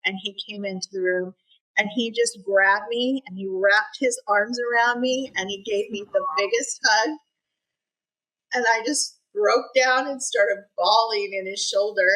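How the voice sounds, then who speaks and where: A middle-aged woman tells a personal story as a podcast guest, earnest and halting, her voice at an ordinary middle pitch. She often breaks off and restarts her sentences. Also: a bit bright, poor audio.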